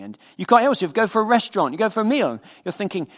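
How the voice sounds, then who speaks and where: A man's voice: high-pitched, animated, rapid-fire, few pauses, long reverb tail. A man preaching a sermon in a conversational way, asking the congregation questions and acting out the voices in his stories.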